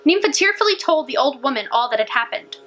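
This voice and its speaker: Bright, high-voiced woman reading a fairy tale. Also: fast, soft background music. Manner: animated, expressive. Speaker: library storyteller. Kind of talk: storybook read-aloud.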